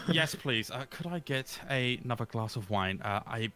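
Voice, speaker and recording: Man playing a prim formal patron, bright tense voice, lively pitch, tabletop game. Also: a little slow, faint music behind. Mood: stern. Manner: stiffly formal, clipped. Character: prim demanding male patron, polite then icy.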